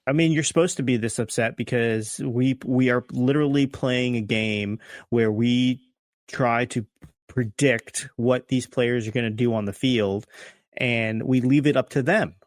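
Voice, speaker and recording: A man's voice: medium pitch, steady tone, unhurried, dry recording, clean studio sound. A man co-hosting a casual podcast, rambling and joking with lots of fillers as he talks things through. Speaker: podcast co-host.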